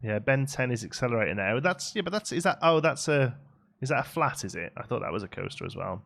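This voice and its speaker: A man's voice: mid-range voice, very animated, quick pace, gravelly, a bit bright. A man chatting casually on a live game stream, reading and answering chat as he builds.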